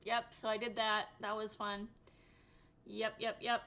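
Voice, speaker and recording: A woman's voice: mid-range voice, level tone, measured pace, fairly bright tone, highs cut off. A tired woman talking casually to camera about her day for her crochet channel, rambling and laughing often. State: exhausted. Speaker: crochet vlogger. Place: home room.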